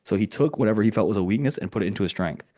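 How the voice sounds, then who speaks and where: This coach on a group video call has a low-ish, slightly mellow voice and talks in an animated rush. He sounds conversational and laid-back, dropping "like" often and playing out quotes.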